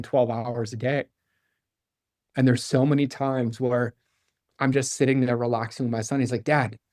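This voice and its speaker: A middle-aged man in candid interview talk, earnest and running on in one long flow of "like" and "right?". His voice sits at an ordinary pitch for a man. The recording is close and dry, with no room sound. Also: darkish tone, no echo. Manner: earnest, fast-flowing, filler-heavy with "like" and "right?"; acts out quoted dialogue with his son. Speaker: podcast guest.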